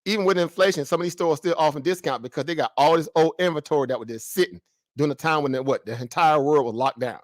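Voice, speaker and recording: Animated man riffing on stocks. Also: fairly high pitch, fast, no echo, studio quality. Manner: rhetorical questions, slangy and animated, mimics traders. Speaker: market commentary host. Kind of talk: casual stock market commentary.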